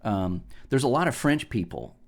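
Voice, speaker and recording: A man's voice: medium pitch, animated, normal speed, gravelly. Rambling man on a podcast. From American South. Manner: rambling, opinionated, lots of ums and restarts. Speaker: podcast host. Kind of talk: casual podcast chat.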